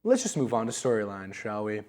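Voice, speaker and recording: A man's voice: on the low side, sing-song, a little fast, a little mellow. A man co-hosting a video game show, chatting loosely and rambling through a review, laughing at his own stories. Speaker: co-host of a gaming show. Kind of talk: casual game review chat.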